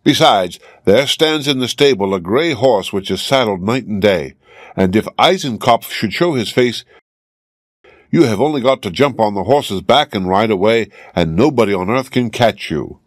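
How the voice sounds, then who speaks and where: A man's voice: fairly low pitch, expressive, moderate pace, no room sound, studio quality. A man voicing a rich old father in a fairy tale, persuasive and offhand.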